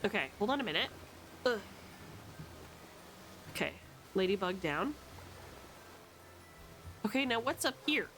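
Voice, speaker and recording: A young adult woman streaming a video game with loud, playful, swearing commentary and frequent yells at the game. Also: mid-range voice, very animated, a little slow, pauses often, a little hiss or hum. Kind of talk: casual gameplay commentary.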